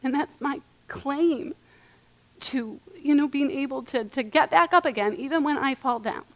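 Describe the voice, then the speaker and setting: A woman's voice: high voice, moderate pace. A young woman presenting a church parenting workshop, earnest and emphatic, often checking in with the audience.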